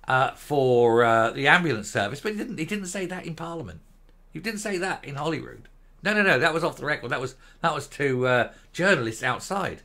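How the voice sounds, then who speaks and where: A man's voice: on the high side, pushed and bright. A middle-aged man hosting a political commentary show, ranting in a sarcastic, mocking, scornful way.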